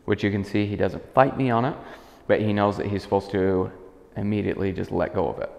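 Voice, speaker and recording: Male dog trainer, calm explainer, low gravelly voice, echoey room with a long tail. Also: a little fast. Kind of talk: instructional demonstration. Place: indoors in a house. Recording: echoey room with long reverb, dull lo-fi sound.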